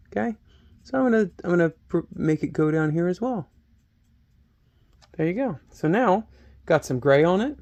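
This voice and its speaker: Male hobby host, slightly high pitch with gravel, relaxed self-deprecating tutorial chat, close camera mic. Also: normal speed, long pauses. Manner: chatty, self-mocking, thinks aloud while working. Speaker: hobby painting channel host. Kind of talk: relaxed painting tutorial talk. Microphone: camera microphone close to his face.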